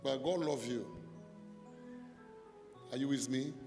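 A man's voice: medium pitch, slow pace, big-room sound, over music. A man preaching a deliverance sermon in broken English. He talks straight to one listener and keeps asking if she is with him. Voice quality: non-native English with broken grammar. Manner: preaching with sudden shouted calls and repeated questions to the listener. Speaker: pastor.

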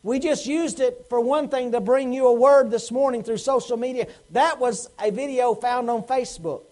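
A pastor delivers a Sunday sermon in a church sanctuary. His voice sits unusually high for a man. He presses the congregation with questions and acts out the lines of the people in his stories. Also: moderate pace, darkish tone, poor audio. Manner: preaching with rhetorical questions and acted quotes.

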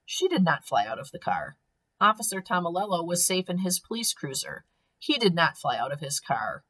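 A woman, a teacher, reading a children's storybook aloud with clear, expressive storytelling. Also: lowish voice, moderate pace, poor audio.

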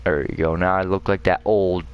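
A man narrating his gameplay in a low, smooth and resonant voice. He rants angrily and swears freely at every setback. It is loose, profane let's play commentary. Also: steady tone, normal speed. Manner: angry, profane, ranting. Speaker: gamer.

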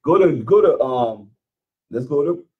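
A man's voice: on the high side, lively intonation, a little slow, distant mic, phone-quality sound. A man leading a call-and-response Bible lesson, emphatic and questioning, often repeating his phrases. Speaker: teacher leading Bible study.

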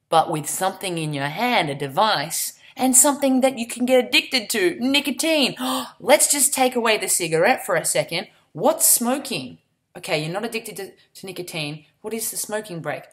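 A woman from Adelaide with an Australian accent, hosting a casual comedic news vlog in an excitable, sweary way. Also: fairly low pitch. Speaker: host.

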